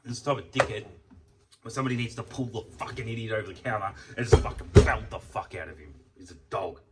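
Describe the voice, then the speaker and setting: A man's voice: on the low side, lively intonation, quick pace, distant mic, heavy background noise. A young Australian man ranting in a casual vlog, heated and swearing a lot. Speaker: vlogger. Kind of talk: casual venting rant.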